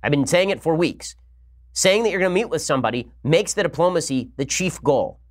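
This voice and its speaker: Fast-talking male political commentator. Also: a little high, animated. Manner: rapid, argumentative, emphatic. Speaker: podcast host.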